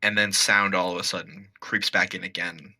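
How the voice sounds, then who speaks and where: Man, game master, tabletop narration, playful, husky, bright. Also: deep voice, steady tone, normal speed.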